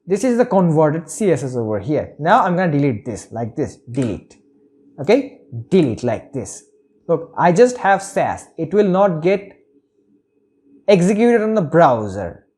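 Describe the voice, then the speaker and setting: Pitched high with a dark edge, this man's voice guides viewers through a web development screencast. He talks through every click and keeps saying "okay?" and "over here."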